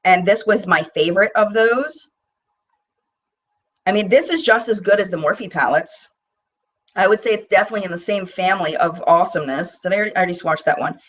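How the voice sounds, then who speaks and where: A woman's voice: mid-range voice, brisk, distant mic, poor audio. Chatty woman reviewing makeup live. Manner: animated and chatty, with bursts of mock disbelief. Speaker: beauty vlogger hosting a live chat. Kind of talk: casual live-stream chat with product swatching.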